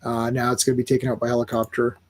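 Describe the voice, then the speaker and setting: A man's voice: mid-range voice, monotone, rapid-fire, a little mellow. A man hosting a casual comic book podcast, rambling and laughing easily as he walks through the story. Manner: laid-back, rambling, laughs often. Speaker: podcast host.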